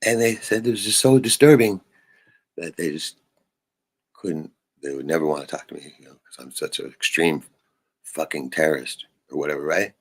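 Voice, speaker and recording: A man's voice: rumbling low, expressive, moderate pace. A man on a live stream venting in a rambling way, swearing often and tagging "right?" onto his sentences. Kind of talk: casual venting monologue.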